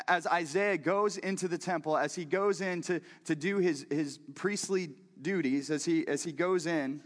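A man's voice: fairly high pitch, a bit bright, big-room sound. A man preaching a conversational sermon who keeps putting questions directly to his listeners. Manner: talks directly to the audience with questions.

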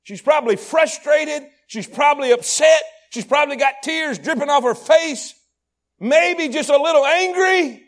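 A very high-voiced man preaching a sermon. He stacks repeated phrases in rhythm and drops to a near hush before climbing to shouted peaks. His delivery is heartfelt and impassioned. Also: normal speed. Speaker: pastor.

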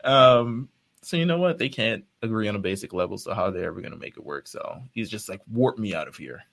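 A man's voice: on the low side, fast, gravelly, a bit bright. A man co-hosting a podcast, chatting casually, rambling, laughing often and swearing. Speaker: podcast co-host. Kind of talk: casual chat.

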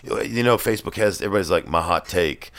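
A man's voice: deep voice, fast, vocal fry, a bit bright. A man hosting a casual podcast chat, rambling and self-deprecating, laughing at his own jokes. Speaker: podcast host.

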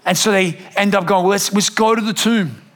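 Animated man preaching. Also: sits high, a little fast. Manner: animated, acts out family voices. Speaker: pastor. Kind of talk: storytelling sermon.

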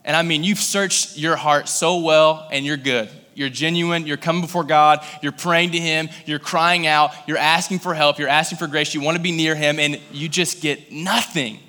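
A man's voice: a little high, steady tone, normal speed, hardly any pauses, bright, forceful tone, big-room sound. A man from Kentucky preaching a sermon in a casual, conversational way, growing intense and pleading in prayerful passages. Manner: conversational, filler-heavy storytelling. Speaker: pastor.

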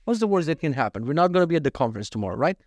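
A man's voice: on the high side, sing-song, very fast, no room sound. A man in his thirties telling stories in a casual chat, laughing and swearing, going off on tangents. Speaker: vlogger.

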